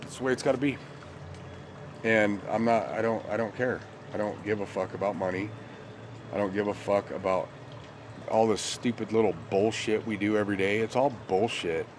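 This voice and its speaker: A man's voice: on the low side, fairly even intonation, normal speed, noisy background. A young man ranting bluntly and profanely in a rambling casual monologue to his viewers. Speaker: vlogger.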